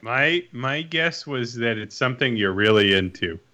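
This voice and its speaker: A man's voice: medium pitch, expressive, moderate pace, pushed and bright, lo-fi sound. A man in casual podcast chat, hesitant and often restarting his sentences.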